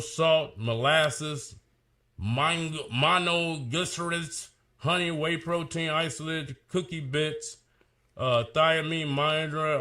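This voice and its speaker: A man angrily ranting and cursing while reading product ingredients aloud. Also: a little high. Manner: loud, profane, animated ranting. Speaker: fitness personality reading product labels. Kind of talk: heated ranting clip.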